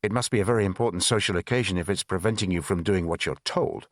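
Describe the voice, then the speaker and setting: A man voicing a gruff male Russian secret police agent with a Russian accent, blunt and threatening. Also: low voice, fast, no room sound, studio quality, close to an everyday voice. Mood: menacing.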